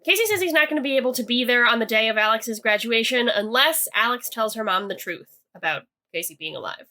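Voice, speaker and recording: Bright chatty woman recapping a show. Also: fairly high pitch, animated, fast talker. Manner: chatty, hedging with "like", reads quotes aloud. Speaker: podcast co-host. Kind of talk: casual episode recap.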